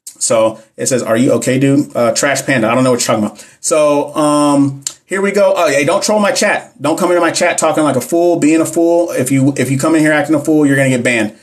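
Fast-talking man, casual live-stream host, slangy, chats with viewers. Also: on the high side. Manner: fast-talking, talks fast all the time; slangy, addresses chat directly. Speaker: nurse educator hosting a live stream.

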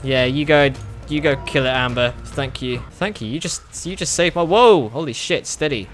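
A young man giving casual, excitable commentary while playing a video game, swearing and laughing often. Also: medium pitch, moderate pace, faint music behind. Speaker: gaming video host.

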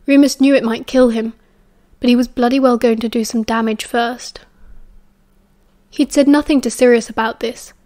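A British woman narrating a story as an audiobook in a steady, even storytelling manner. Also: fairly high pitch. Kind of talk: fan audiobook reading.

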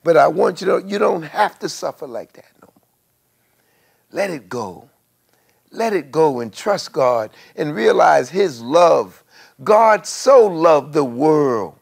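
Gravelly guy preaching slow, a bit high-pitched, gets loud then goes soft. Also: expressive. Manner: preaching, swelling to emphatic cries and dropping to soft pleas. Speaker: pastor. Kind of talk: sermon.

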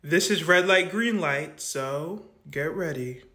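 A woman voicing the host of a toy reality game show, announcing in a drawn-out way. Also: low-pitched, a bit bright, voice pushed down.

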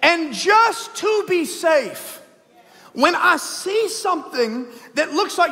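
A man preaching a lively Easter sermon in a church, swinging between loud calls and hushed storytelling. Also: very high-pitched, takes it slowly. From Texas. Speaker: pastor. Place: church sanctuary, live service. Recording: long church hall reverb.

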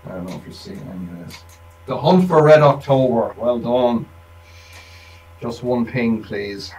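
A man's voice: medium pitch, lively intonation, moderate pace, a little mellow. A man thinking aloud at a workshop bench, rambling casually with wry asides as he demonstrates electronics work. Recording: distant mic with faint room noise.

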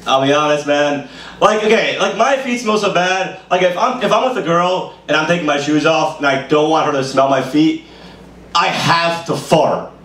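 A man's voice: a little high, moderate pace, a bit bright. A man who grew up in Brooklyn doing a rambling stand-up set at an open mic, full of "you know". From Brooklyn, New York. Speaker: stand-up comedian. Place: small bar comedy room. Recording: roomy live room, mic heard from a distance, faint hiss.

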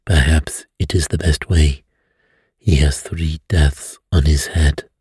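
Guy reading as a calm precise detective, slow and mellow, soft bedtime story voice. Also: very deep voice, slightly rough, no echo, full character voice. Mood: grave. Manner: calm, grave and measured. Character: placid, precise middle-aged male detective.

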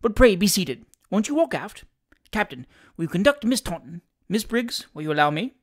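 A reader voicing a fussy, polite young gentleman host who talks in a brisk, formal and courteous way in an audiobook. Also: mid-range voice, very animated. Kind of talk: audiobook character voice.

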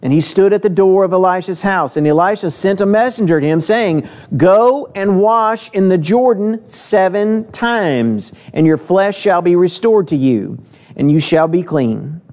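A man preaching a sermon in a church, reading scripture with lively acted voices and then talking plainly to the congregation with direct questions. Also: high-pitched, measured pace. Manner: asks the listeners direct questions.

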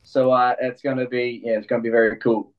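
Young aussie fighter, laid back, kinda halting, muffled and far from the mic. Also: male voice, medium pitch, little pitch movement. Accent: Australian. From Australia. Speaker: fighter, guest. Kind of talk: casual interview.

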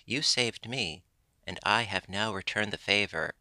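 A man voicing a loyal, hungry male dog who speaks calmly and plainly. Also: on the low side, measured pace, no echo.

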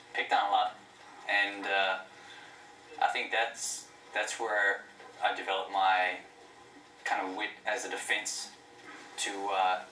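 Deadpan comic, very bright tone, echoey room. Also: male voice, on the low side, distant mic, a little hiss or hum. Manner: dry, deadpan wit. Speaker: stand-up comedian. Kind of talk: stand-up set and interview.

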